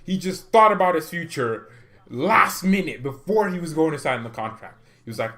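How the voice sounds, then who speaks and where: A man's voice: fairly high pitch, animated, brisk, fairly bright tone. A man hosting a fan channel, ranting in an exasperated way to his live chat and laughing often. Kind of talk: live-stream rant reading chat.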